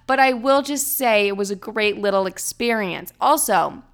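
A young woman in her twenties hosting a casual solo podcast, telling stories in a blunt, profane, animated way while still feeling a bit ill. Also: mid-range voice, moderate pace, clean tone. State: recovering from illness. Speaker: podcast host.

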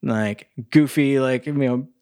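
A man's voice: mid-range voice, a little mellow, no room sound, studio quality. A man co-hosting a podcast, casually reviewing a movie, recapping the plot with lots of "like" and restarts. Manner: halting, many fillers and restarts while recapping. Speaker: podcast co-host.

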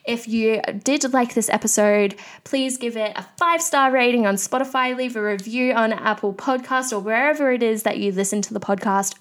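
A woman's voice: a little high, moderate pace, few pauses. A young woman hosting a solo podcast, ranting candidly in a chatty way with lots of fillers. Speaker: podcast host.

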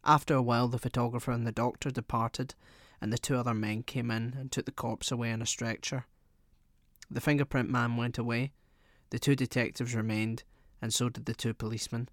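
The narrator, a man with a middle-range pitch, tells a short story in a measured, even audiobook style. The recording is intimate and dry, free of room echo.

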